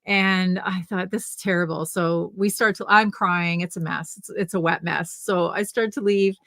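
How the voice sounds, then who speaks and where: A woman's voice: on the low side, steady tone, a little slow, creaky, fairly bright tone, no room sound, studio quality. An older woman co-hosting a casual knitting livestream, telling a family story in a chatty way with restarts.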